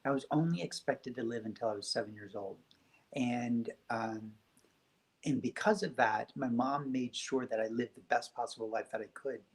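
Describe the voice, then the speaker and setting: Soft-spoken, gentle man, reflective. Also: medium pitch, rough recording. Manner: soft, gentle and unhurried, thoughtful. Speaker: podcast guest. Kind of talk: reflective spiritual conversation.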